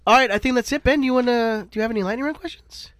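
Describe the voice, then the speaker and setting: A man's voice: very high voice, racing, a bit bright, no room sound, clean studio sound. A man co-hosting a sports podcast, joking and swearing freely in casual chat. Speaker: podcast co-host.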